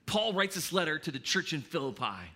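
A middle-aged man preaching a sermon as pastor, telling stories in an animated way with frequent restarts. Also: on the high side, a little fast. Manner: animated storytelling with hesitant restarts. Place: church.

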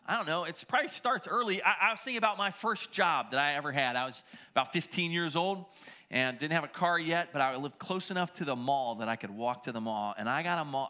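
High, bright-voiced pastor preaching. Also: male voice. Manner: storytelling, animated, shouting quoted lines. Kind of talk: sermon.

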